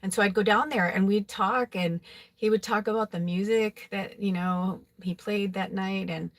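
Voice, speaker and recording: A woman's voice: medium pitch, steady tone, normal speed. A woman who reads tarot, telling a personal story in a casual, rambling, emotional way, full of "like" and "you know.". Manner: rambling, filler-heavy, with frequent "like"; emotional, confessional. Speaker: psychic tarot reader.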